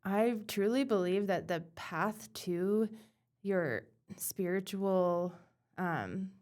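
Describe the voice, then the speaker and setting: A woman guest on a podcast who talks about bodywork in an earnest, animated way, full of "like" fillers. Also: mid-range voice, slow pace. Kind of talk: casual conversational podcast.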